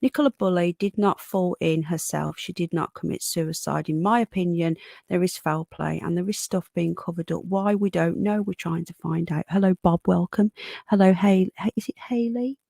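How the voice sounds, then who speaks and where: A woman with a Birmingham accent touched by a Yorkshire twang hosts a casual livestream, greeting viewers one by one as darling and hon. Her voice has a gravelly edge. She sits close to a dry microphone with the gain turned right up. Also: fairly low pitch, moderate pace, dark tone, no room sound. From Sutton Coldfield, Birmingham, England. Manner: chatty, calls viewers darling and hon, frequent restarts. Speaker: livestream host. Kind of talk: casual live-stream chat reading out comments. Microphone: desk microphone with gain turned up.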